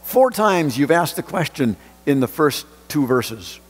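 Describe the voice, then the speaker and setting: A man preaching in a church sanctuary, his fairly high voice carrying a long hall reverb. He reads scripture, then turns to storytelling, pushing his pitch up and down to act out the lines he quotes. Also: sing-song, a little slow, slightly rough, soft background music. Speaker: pastor. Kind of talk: sermon.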